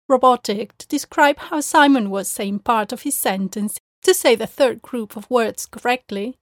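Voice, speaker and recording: A fairly high-pitched woman teaches pronunciation in a calm, scripted way. She explains each point clearly and slowly, then models the words. Her voice is recorded close and dry, with no room sound. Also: no echo. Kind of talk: scripted podcast lesson.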